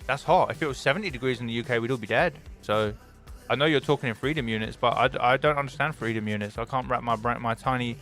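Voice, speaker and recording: A young British man streams with soft music in the background, speaking fast at a medium pitch. His casual chat is excitable and full of swearing, alternating loud enthusiasm with mock gloom.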